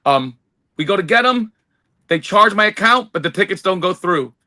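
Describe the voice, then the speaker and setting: A man with a high, very bright voice talks in casual podcast chat. He rambles with excitement and often restarts his sentences as he tells a story. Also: normal speed. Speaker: podcast co-host.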